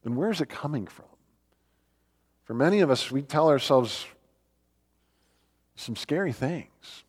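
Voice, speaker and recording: A man's voice: a little high, lively intonation, unhurried, breathy edge. A man preaching a sermon in an earnest, emphatic way, asking rhetorical questions and quoting scripture. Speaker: pastor. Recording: long hall reverb.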